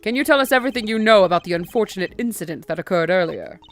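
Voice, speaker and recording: A woman voicing a calm, courteous adult male defense attorney, formal and measured. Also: mid-range voice, faint music behind, natural voice.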